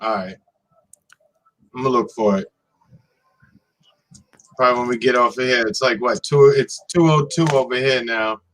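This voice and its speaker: A man's voice: mid-range voice, moderate pace, pauses often, fairly bright tone, rough recording. A man hosting a casual podcast chat, laid-back, mostly chiming in with short reactions.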